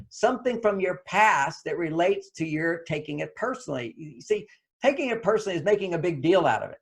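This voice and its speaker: Male guest author, high-pitched, animated storyteller giving relationship advice. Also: fairly quick, vocal fry. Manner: animated, acts out quoted lines. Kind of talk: anecdotal advice talk.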